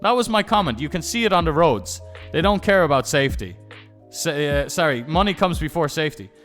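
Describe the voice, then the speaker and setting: A man's voice: fairly high pitch, animated, a little fast, a bit bright, faint music behind. A young man live-streaming, telling rambling, profane stories in casual chat and often restarting his sentences.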